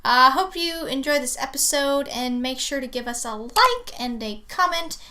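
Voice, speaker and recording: A woman's voice: high voice, animated, normal speed, pushed and bright. A woman co-hosting a casual video show, chatting and laughing easily. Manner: giggly, trying on a mock accent. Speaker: co-host. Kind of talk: casual chat.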